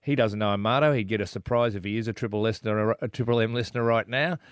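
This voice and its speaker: A man's voice: fairly low pitch, quick pace, smooth, no echo, clean studio sound. A man with an Australian accent co-hosting a radio show, making wry, teasing remarks. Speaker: radio co-host. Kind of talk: casual radio chat with callers.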